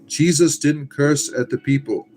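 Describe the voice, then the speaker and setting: A man's voice: a little high, fairly even intonation, unhurried, a little mellow. Blunt, sarcastic man reading chat. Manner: blunt and sarcastic, curses freely. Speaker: livestream host reading chat. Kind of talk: casual livestream chat.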